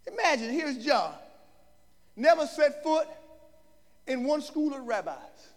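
A man preaching a sermon with emphatic delivery, often breaking into shouts. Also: very high voice, big pitch swings, slow pace, pauses often. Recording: long hall reverb.

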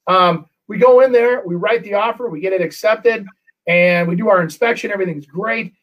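A middle-aged man, a real estate agent, telling a story in casual chat, animated and full of restarts. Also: high voice, moderate pace, far from the mic, dull audio. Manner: animated, acts out quotes, many restarts.

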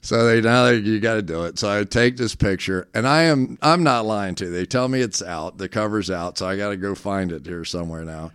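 A man, a football analyst, telling animated, self-deprecating stories in a casual interview. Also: on the low side, a little fast, hardly any pauses, clean tone, dry recording, clean studio sound.

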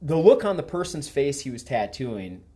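A man's voice: medium pitch, moderate pace, husky. Profane storytelling man on a podcast. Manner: profane, animated storyteller who acts out quoted dialogue. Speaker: podcast host. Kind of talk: casual storytelling.

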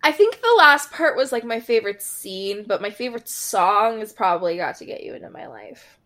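A woman's voice: medium pitch, sing-song, normal speed, fairly bright tone. A woman with a mid-range voice talks through a TV episode in casual podcast chat. She stops and restarts often, with lots of fillers, and laughs along. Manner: hesitant, many fillers, laughs. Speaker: podcast co-host.

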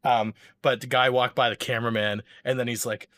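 Bright-voiced man telling a story. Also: medium pitch, level tone, fairly quick. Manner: rambling, many fillers and restarts. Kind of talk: casual chat.

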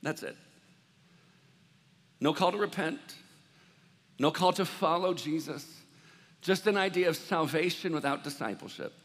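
A male pastor preaching a conversational sermon that swings from hushed, low moments to loud, emphatic ones. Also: a little slow, long pauses, in a large hall.

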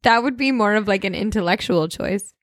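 A woman's voice: mid-range voice, fairly quick, dry recording, studio quality. A young woman co-hosting a podcast, gushing about pop culture in bubbly casual chat and laughing often. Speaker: podcast co-host.

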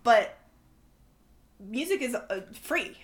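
A woman in loose, casual conversation, swearing freely and tossing in "like" and "right?" constantly. Her voice sits a little higher than most women's. She has an animated, opinionated way of talking. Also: slow pace.

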